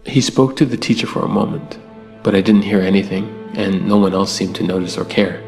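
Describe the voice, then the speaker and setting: A man reading a first-person scary story in calm, even scripted narration. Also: sits low, a little fast. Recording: long hall reverb with faint music.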